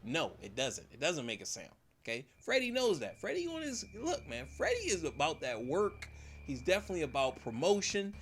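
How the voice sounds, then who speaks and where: A man retelling a horror movie as a comedic recap on a live stream, talking in slang and putting on quick voices for the characters. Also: on the high side, wildly swooping pitch, a little hiss or hum.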